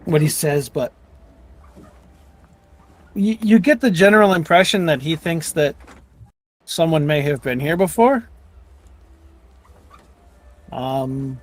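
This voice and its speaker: A man's voice: fairly high pitch, expressive, slow, long pauses. A man narrating as game master of a tabletop game, rambling with frequent restarts.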